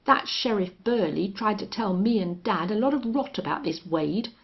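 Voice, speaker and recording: A woman's voice: medium pitch, expressive, moderate pace, natural voice. A woman voicing a spoiled young rancher's son who speaks harshly and with contempt. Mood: contemptuous. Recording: dull lo-fi audio.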